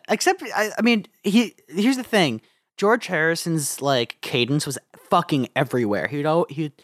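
A man's voice: a little high, animated, moderate pace, a bit bright, dry recording, studio quality. A man co-hosting a casual podcast chat over an online call, playful and rambling, slipping into impressions. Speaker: podcast co-host.

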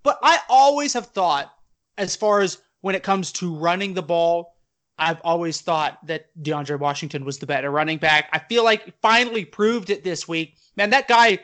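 A man co-hosting a casual podcast, joking and riffing with an animated delivery. His voice sits high for a man. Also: normal speed. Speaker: podcast co-host. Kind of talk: casual chat.

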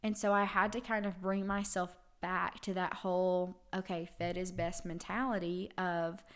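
Young mom podcaster, earnest and emotional, lots of ums and likes. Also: female voice, on the low side, level tone, normal speed. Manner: earnest, emotional, many fillers. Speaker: podcast host. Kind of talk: personal storytelling.

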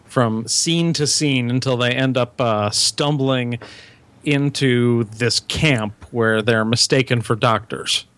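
A man's voice: mid-range voice, slow, a bit bright. A man in a casual film chat, adding plot details and checking facts.

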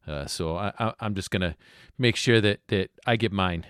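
A man's voice: lowish voice, normal speed, fairly bright tone, clean tone, dry recording, clean studio sound, pitched below the performer's own voice, natural voice. A man voicing a selfish small-time crook with gangster-style talk. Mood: gruff. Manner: gangster "see?" tag. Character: selfish tough-guy male crook, 1930s gangster talk. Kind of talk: playing a tabletop game.

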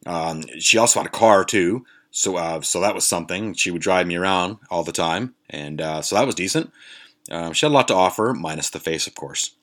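A man's voice: low-pitched, fairly quick. A man hosting a podcast, telling a rambling, profanity-laden story in a casual way, full of ums and uhs. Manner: profane, rambling, many fillers. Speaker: podcast host.

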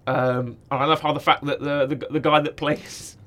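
A man's voice: on the high side, little pitch movement, moderate pace, a bit bright. A man co-hosting a podcast, chatting casually about a cartoon series, rambling, correcting himself and laughing often. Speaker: podcast co-host.

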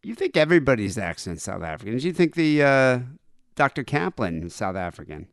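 A man's voice: medium pitch, sing-song, brisk, no room sound, clean studio sound. A man hosting a podcast in casual chat, laid-back, crude and joking. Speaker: podcast host.

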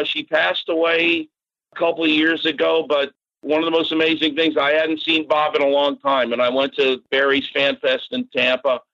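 Lively older man telling stories. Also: a little high, highs cut off. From Massachusetts, grew up in Florida. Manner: animated, mild swearing, frequent fillers. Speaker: podcast guest. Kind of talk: casual storytelling.

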